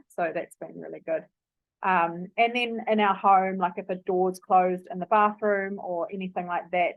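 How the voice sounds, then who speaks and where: A woman's voice: fairly low pitch, dry recording. A woman giving parenting advice in a casual, earnest way, with frequent ums and likes. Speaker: parenting coach. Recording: dry, phone-like narrow sound.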